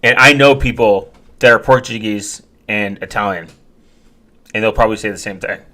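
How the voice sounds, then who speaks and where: A man vlogs straight to his viewers in a rambling, joking way, with lots of fillers and restarts. His voice is on the low side with a sharp tone, and he keeps a moderate pace.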